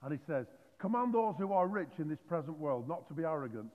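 A man preaching a sermon, animated and joking, with many restarts. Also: fairly high pitch, fast. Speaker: pastor. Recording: phone-like audio in a reverberant hall.

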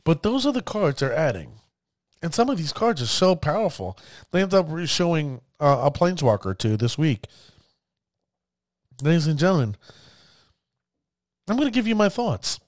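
Animated man talking card games. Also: fairly high pitch, no room sound, clean studio sound. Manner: animated, addresses viewers as ladies and gentlemen, acts out players' reactions. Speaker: card game content creator. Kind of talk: casual commentary to camera.

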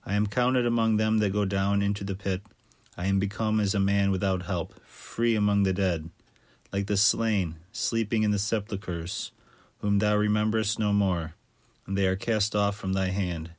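Man giving a measured scripture reading. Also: on the low side, dry recording. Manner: measured, steady reading cadence. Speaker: scripture reader.

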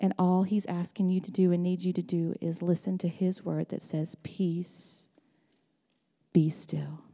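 A woman's voice: lowish voice, flat delivery, brisk, mellow, in a large hall. A middle-aged woman preaching a sermon, calling out to her congregation with rising passion. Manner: impassioned, calls out to the congregation. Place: church sanctuary.

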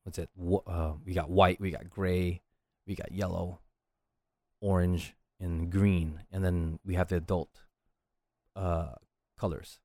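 A man's voice: sits low, flat delivery, slow, pauses often, a little mellow, dry recording. Middle-aged guy coaching martial arts, talks earnest, keeps saying right?, dry sound. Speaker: martial arts instructor and podcast host. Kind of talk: casual solo podcast talk.

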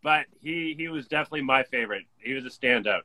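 A man's voice: medium pitch, fast talker, crowd noise, low-quality recording. A man appearing as a guest on a casual movie podcast, chiming in offhandedly.

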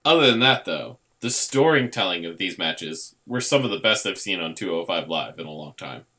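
A relaxed man co-hosting a casual podcast chat, mostly agreeing and breaking things down calmly. His voice is bright and sits on the low side. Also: normal speed. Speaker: podcast co-host.

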